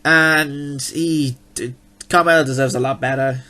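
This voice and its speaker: A man co-hosting a casual chat, talking fast and joking with quick opinions. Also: mid-range voice, fairly even intonation, pushed and bright. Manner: chatty, jokey, quick opinions. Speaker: co-host of a wrestling awards chat.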